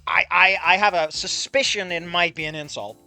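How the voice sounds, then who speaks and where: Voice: mid-range voice, normal speed, creaky, bright, forceful tone, faint music behind, pitched below the performer's own voice. A performer voicing an insecure, skinny young man who stammers and sounds defensive in a read-aloud fan fiction. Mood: hesitant.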